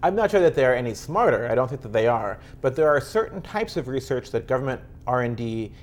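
A man, an author and technologist, giving measured, explanatory answers in an interview. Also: medium pitch. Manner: earnest, explanatory, steady.

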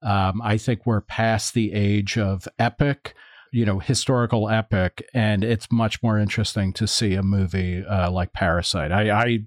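A man's voice: lowish voice, steady tone, normal speed, no room sound, clean studio sound. A man on a podcast panel giving blunt, opinionated takes with many fillers. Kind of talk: casual chat.

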